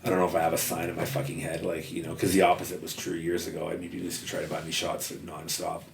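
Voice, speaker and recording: A man's voice: low-pitched, monotone, fast talker, gravelly, distant mic. A man guesting on a podcast, talking candidly in a casual conversation and swearing freely. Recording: roomy sound, a little off-mic, faint noise.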